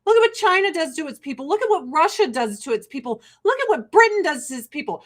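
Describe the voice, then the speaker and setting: A woman's voice: extremely high pitch, very animated, a little fast, fairly bright tone. An American woman hosting a casual livestream, talking bluntly and swearing freely while she laughs often and sells skincare. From United States. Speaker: livestream host selling skincare.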